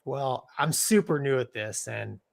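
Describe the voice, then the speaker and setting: His voice is gravelly and mid-range, his pace measured: a middle-aged former Navy fighter pilot co-hosting a live show, telling a casual story. He stays animated, laughs partway through sentences, and uses "man" and "dude" a lot.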